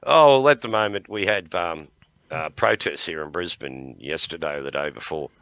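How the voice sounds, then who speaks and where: A man's voice: a bass voice, normal speed, fairly bright tone, dry recording, muffled recording. A man with an Australian accent hosting a livestream in rambling, jokey casual chat, laughing often. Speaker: livestream host.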